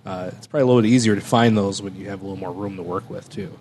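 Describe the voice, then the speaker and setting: A man co-hosting a casual chat who drops quick joking remarks. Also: sits low, steady tone, darkish tone, a little hiss or hum. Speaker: podcast co-host.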